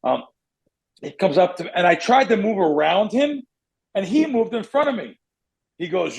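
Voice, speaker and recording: In a roughly recorded podcast, a middle-aged host spins a long, casual story, animated and rambling and frequently correcting himself. He speaks at a moderate pace, his high-leaning voice marked by vocal fry and a breathy edge.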